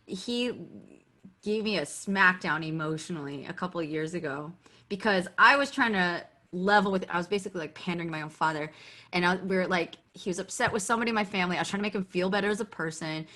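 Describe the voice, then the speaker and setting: Lively woman guest telling stories. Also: lowish voice, brisk. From United States. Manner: animated, acts out quoted dialogue, frequent "like" fillers. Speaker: podcast guest. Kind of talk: candid conversational storytelling.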